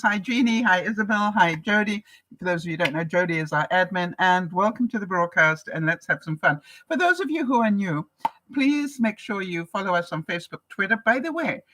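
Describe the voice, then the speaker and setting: An older Canadian woman hosts a live vlog broadcast, giving casual advice to viewers and laughing often. Her mid-range voice is bright and forceful, though the recording is rough.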